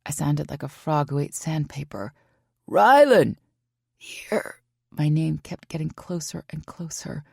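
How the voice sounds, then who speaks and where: Brief: woman audiobook narrator, low and husky, dry close mic. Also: level tone, moderate pace, few pauses, warm tone, dry recording. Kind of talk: scripted first-person romance narration.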